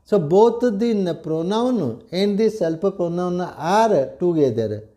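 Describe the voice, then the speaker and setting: A man's voice: sits high, lively intonation, slow, warm tone. An older man with an Odia accent, a retired headmaster giving a classroom grammar lecture, repeating key phrases and checking that students understand. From India.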